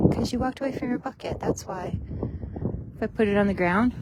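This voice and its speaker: A woman training horses outdoors in a paddock. She coaxes them in soft, sweet baby talk and explains each step to her viewers. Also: mid-range voice, expressive, moderate pace, pauses often, very noisy. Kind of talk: casual vlog while training horses.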